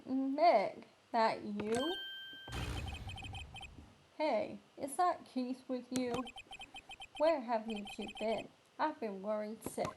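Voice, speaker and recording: Woman doing a frail old pasta shop guy, slow doddery voice, kinda high, game music behind. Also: background noise. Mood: doddering. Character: fragile, rambling old man, pasta shop owner.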